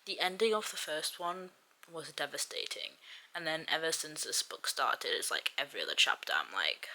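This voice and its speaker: Woman book vlogger, casual and bright, flips between whispers and exasperated giggling. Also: deep voice. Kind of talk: casual reading vlog.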